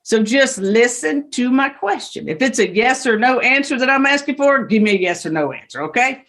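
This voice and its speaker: A woman judge with a Southern US accent giving brisk, stern and joking courtroom instructions over a video call. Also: fairly high pitch, animated, fairly bright tone.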